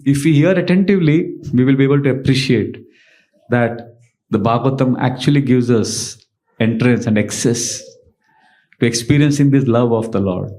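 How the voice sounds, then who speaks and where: A man's voice: mid-range voice, a little mellow. A man, a spiritual teacher giving a devotional lecture and telling stories with emphatic rhetorical questions. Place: temple lecture hall.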